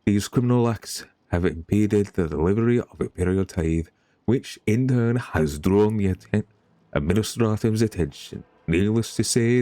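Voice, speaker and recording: A man's voice: fairly low pitch, mellow, no room sound, lightly acted. A man voicing a cold middle-aged male governor who lists charges in a stern, formal way.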